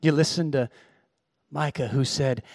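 A pastor preaching a sermon, moving from hushed, tender storytelling to loud, shouted exhortation. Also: male voice, medium pitch, measured pace, no echo, clean studio sound.

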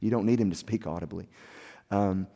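Soft-spoken pastor man in a reverberant hall. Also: deep voice, fairly quick, creaky. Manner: earnest, confessional storytelling. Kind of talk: sermon.

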